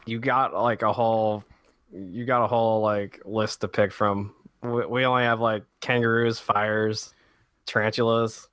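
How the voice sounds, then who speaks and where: A man's voice: fairly low pitch, little pitch movement, unhurried, fairly bright tone, no room sound. An American man co-hosting a casual gaming podcast, rambling along with lots of "like" and restarts. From United States. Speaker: podcast co-host.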